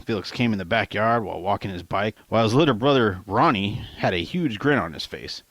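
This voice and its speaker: Low-voiced man casually reading his novel. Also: animated, fairly quick, hardly any pauses, a bit bright, no echo. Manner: casual, conversational reading with slang. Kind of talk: audiobook narration.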